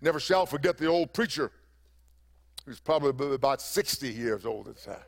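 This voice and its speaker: A man's voice: medium pitch, animated, a little fast, gravelly. A man preaching a sermon as pastor, emphatic and repeating phrases for effect.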